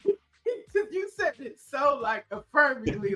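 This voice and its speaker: A woman co-hosting a morning news show, animated and quick to laugh, with plenty of fillers. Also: high voice, crowd noise. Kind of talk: casual news chat. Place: Los Angeles.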